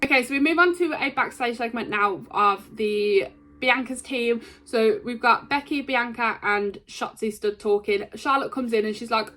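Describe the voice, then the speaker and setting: A woman giving a casual, rambling recap of a wrestling show, excitable and full of ums and likes. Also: a little high, moderate pace.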